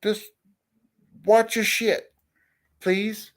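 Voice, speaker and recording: A man's voice: high-pitched, little pitch movement, very slow. A man hosting a casual livestream chat, greeting viewers and talking bluntly with heavy swearing and frequent restarts. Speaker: livestream host.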